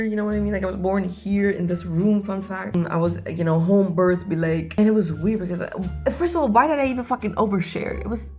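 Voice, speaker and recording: A young woman telling a story in a casual vlog, animated and jokey with dramatic asides. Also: medium pitch, brisk, few pauses, faint music behind.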